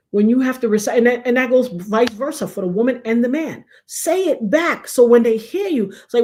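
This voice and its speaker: A middle-aged woman hosting a live talk show, giving emphatic, folksy relationship advice to her chat and now and then dropping to a near hush. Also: fairly high pitch, animated, fairly quick, few pauses. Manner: emphatic, preachy, folksy, drops to a hush for effect. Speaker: livestream talk show host.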